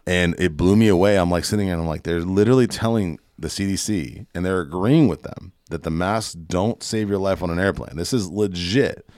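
A man's voice: low voice, a little fast, few pauses, darkish tone, no room sound, studio quality. A man hosting a podcast, ranting casually and emphatically with plenty of profanity. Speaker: podcast host. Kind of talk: casual opinionated podcast rant.

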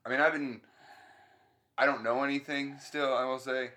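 A man's voice: medium pitch, steady tone, moderate pace, pushed and bright. A man chatting casually as a stand-up comedian, rambling through his thoughts with restarts and swearing. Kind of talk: casual chat.

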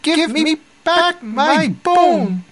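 A tiny, drawn-out spooky ghost voice. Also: high-pitched, level tone, voice pushed up, poor audio. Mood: angry. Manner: slow, drawn-out, rising to a shout. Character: small angry bone-seeking ghost voice.

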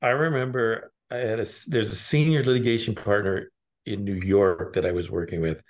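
A middle-aged man from Alaska, a lawyer and interview guest, telling stories in a halting, rambling way with chuckling asides. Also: fairly low pitch. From Alaska, United States. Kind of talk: casual interview conversation.

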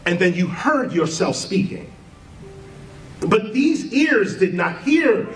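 High, animated man talking spirituality. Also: echoey room, recorded from a distance, low-quality recording. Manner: animated, earnest, laughs at his own asides. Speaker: podcast host. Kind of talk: spiritual talk with guided exercise.

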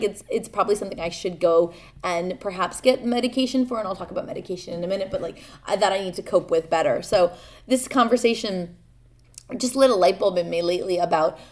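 A young woman hosting a podcast, talking candidly and haltingly about her own struggles, earnest and vulnerable, with many fillers and restarts. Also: medium pitch. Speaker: podcast host. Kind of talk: personal confessional talk.

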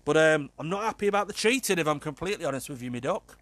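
A man's voice: fairly high pitch, lively intonation, rapid-fire, a bit bright. Blunt, chatty man. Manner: blunt, chatty, swears freely. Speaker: podcast host giving agony aunt advice. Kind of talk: casual chat.

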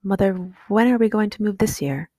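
A woman's voice: mid-range voice, animated, fairly quick, mellow, no room sound, voice pushed up, natural voice. A woman reading an audiobook, voicing a sickly young boy who speaks seriously and thoughtfully.

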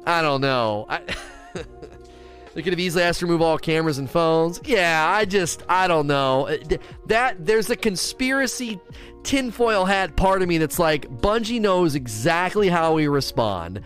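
Animated ranting male game streamer. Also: a little high, unhurried, soft background music. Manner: animated, ranting, reads chat questions aloud. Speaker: livestreamer. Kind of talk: casual gaming stream chat.

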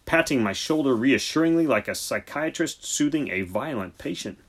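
A man reading an audiobook, with measured, dry storytelling narration. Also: mid-range voice, animated, breathy edge. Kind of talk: scripted narration.

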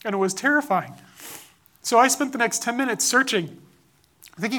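A man in his thirties telling a personal story, growing loud and urgent as it builds. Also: very high-pitched, animated, normal speed, long pauses.

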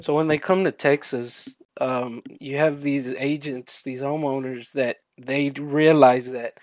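A man co-hosting a podcast, explaining things in a relaxed, loose way with slang. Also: mid-range voice, a little slow, no room sound. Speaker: podcast co-host. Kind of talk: casual chat.

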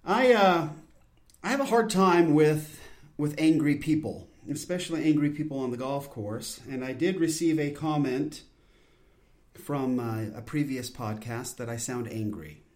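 A man in his forties hosts a solo podcast in a casual style, speaking at a measured pace with a slightly high, darkish voice. His delivery is intense, earnest, and rambling, with many restarts.

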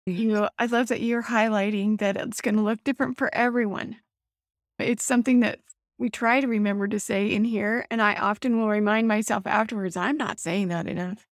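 A woman's voice: a little high, little pitch movement, brisk, no room sound, clean studio sound. A woman hosting a faith-based discussion among mothers over a video call, speaking in an affirming, heartfelt way. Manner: warm-hearted, affirming, emotional at times. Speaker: host.

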